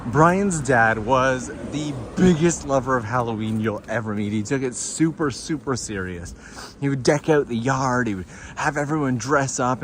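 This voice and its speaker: A man hosting a live stream as he walks outdoors through city streets at night, telling stories in a chatty, animated way. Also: mid-range voice, background noise. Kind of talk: casual live-stream walking tour.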